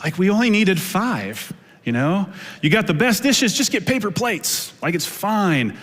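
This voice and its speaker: A man voicing a calm, easygoing man who gives gentle, reassuring advice. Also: high-pitched, unhurried, long reverb tail, pitched above the performer's own voice, exaggerated voice.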